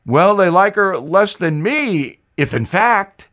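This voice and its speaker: A man's voice: high-pitched, very animated, takes it slowly, fairly bright tone, exaggerated voice. A man voicing a bumbling, bewildered older president in a whiny tone. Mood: befuddled.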